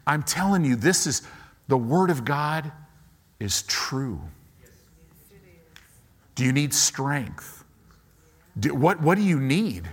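A man preaching a sermon to a congregation in a church, acting out doubting inner voices and rising to loud commands. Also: on the high side, very animated, takes it slowly, pauses often, husky. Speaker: pastor.

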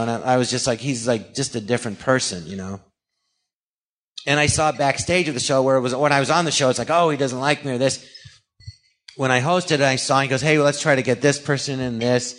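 Male guest, middle-aged, animated raconteur who acts out every quoted line. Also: medium pitch, a little fast. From California. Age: 40s or older. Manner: animated storyteller acting out quoted dialogue. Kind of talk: anecdotal storytelling.

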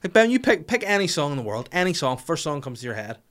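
A man's voice: on the high side, sing-song, quick pace, a bit bright. A man hosting a podcast, delivering a sardonic, profane comedic rant. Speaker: podcast host.

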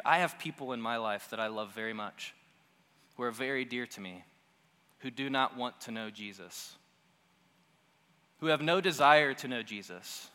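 A man preaching a sermon in a conversational, animated teaching manner, often repeating phrases for emphasis. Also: medium pitch, moderate pace, long pauses, clean tone, in a large hall.

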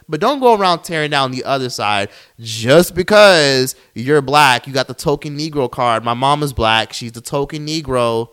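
A man hosting a commentary channel, delivering an angry, profane reaction rant that flares into yelling and mocks the people he quotes. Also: medium pitch, clean tone. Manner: heated, profane, swings into yelling; mocks others in quoted put-on voices.

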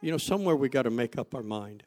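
A man preaching a sermon, asking the congregation rhetorical questions and telling stories from his own life, going from loud emphasis to quiet asides. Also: medium pitch, expressive, fast. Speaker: pastor.

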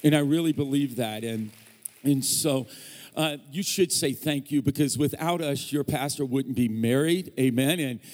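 A man's voice: mid-range voice, normal speed, a little mellow. A man preaching a sermon as a guest preacher in a church sanctuary, joking and teasing the congregation as he talks. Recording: long church hall reverb.

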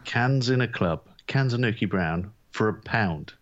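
A man co-hosting a sports podcast, talking in a deadpan, dry way and wandering into anecdotes. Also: on the low side, measured pace, muffled recording. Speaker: podcast co-host. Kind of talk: casual chat.

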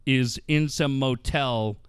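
Speaking slowly in a mid-range voice, a man chats casually, telling crude, animated stories packed with swearing and frequent laughter. The studio-quality sound is clean, with no room sound.

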